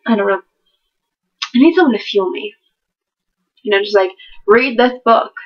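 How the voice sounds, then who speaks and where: A woman's voice: mid-range voice, expressive, normal speed. A teenage girl rambling about her books in a hyper, giggly way, vlogging at home. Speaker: book vlogger. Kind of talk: casual chat to camera. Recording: dull lo-fi webcam audio.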